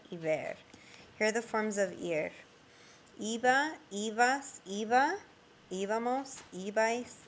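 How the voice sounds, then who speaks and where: A woman's voice: lowish voice, creaky, a little hiss or hum. A woman teaching a grammar lesson, patiently explaining with frequent ums, reading example sentences and then translating them. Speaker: Spanish teacher. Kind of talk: slide-based grammar lesson.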